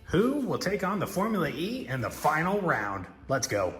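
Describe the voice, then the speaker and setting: A man's voice: a little high, wildly swooping pitch, normal speed. Hyped man calling toy car races. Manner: hyped announcer, sports-style calls. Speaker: diecast racing host. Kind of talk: race commentary. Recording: echoey room with music.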